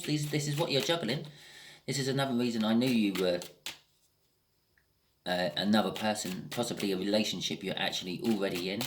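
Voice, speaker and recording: A man's voice: lowish voice, fairly even intonation, brisk, noisy background. A man giving a casual tarot reading, thinking aloud with frequent restarts and the odd swear word. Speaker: tarot reader.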